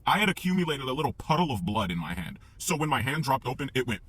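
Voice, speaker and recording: A young man telling a personal story in a casual, profane, animated way, acting out the sounds as he goes. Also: medium pitch, fast, slightly rough.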